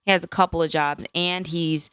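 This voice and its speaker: Woman, 50s, podcast host: low, smooth voice, dry close sound, candid and conversational. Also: fairly even intonation, moderate pace, a bit bright, no room sound. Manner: candid, conversational, frequent "right?" asides. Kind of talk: solo podcast reflection.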